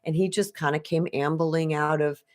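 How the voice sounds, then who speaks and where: A woman's voice: low-pitched, fairly even intonation, moderate pace, a little mellow. A woman spiritual coach from Arizona telling a personal story on a live stream, chatty and conversational, talking straight to her viewers.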